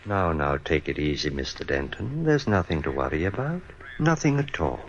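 A smooth, scheming surgeon who hides bitterness behind calm bedside manner. His voice is low and deep. The old radio recording sounds dull, with a faint hiss. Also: moderate pace. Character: scheming middle-aged male eye surgeon, cold and bitter. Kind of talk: 1940s radio acting.

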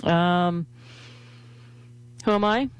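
A woman's voice: lowish voice, extremely slow, clear, resonant tone, no room sound. A woman radio host, talking in a rambling, chatty way full of fillers and restarts. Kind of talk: casual radio monologue with pledge appeal.

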